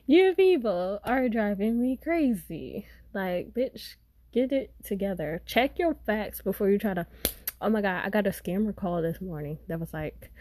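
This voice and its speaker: A woman's voice: medium pitch, expressive, moderate pace, mellow, dry recording. A woman from Florida hosting a podcast, ranting bluntly and swearing freely about scammers. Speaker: podcast host. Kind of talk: casual profane rant.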